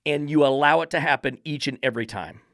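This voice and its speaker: A man's voice: on the high side, quick pace, a bit bright, no echo, studio quality. A man who trains dogs and hosts a podcast, ranting in a blunt, profane, emphatic monologue. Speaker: dog trainer and podcast host.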